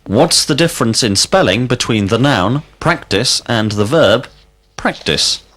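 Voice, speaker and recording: A male teacher leading a scripted language drill, asking questions slowly and deliberately and calling out single words as prompts. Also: medium pitch, lively intonation, a bit bright. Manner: slow, deliberate questioning with clear word prompts.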